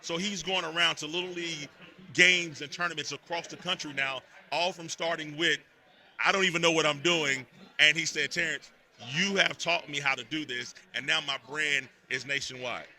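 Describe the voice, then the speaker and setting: A man from Texas, a podcast guest telling stories in a lively, emphatic way at a live event. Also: a little high, normal speed. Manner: animated storytelling, emphatic repetitions. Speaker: podcast network host, guest. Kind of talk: casual interview talk.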